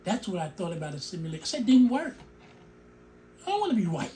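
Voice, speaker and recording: Animated man with a lively, swinging voice. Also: sits high, quick pace, a little hiss or hum. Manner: animated, emotional, digresses and comments on his own speech. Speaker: show host. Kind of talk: opinion commentary monologue.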